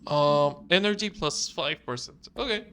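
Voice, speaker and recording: High, bright-voiced gaming host. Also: male voice, a little slow, a little hiss or hum. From outside the US. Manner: rambling, swears often, restarts. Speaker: let's play host. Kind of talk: casual gameplay commentary.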